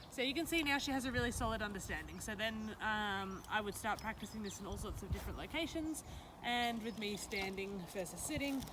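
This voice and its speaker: A woman dog trainer who calmly explains a trick, then praises her dog in a high sing-song voice. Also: a little fast, very noisy. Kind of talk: casual training demonstration. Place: outdoors or open training space with a dog.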